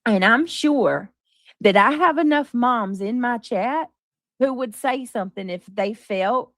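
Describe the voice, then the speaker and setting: A woman's voice: on the high side, unhurried, a bit bright, dry recording. A woman hosting a livestream, talking to her chat in an emphatic, defensive way. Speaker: livestream host.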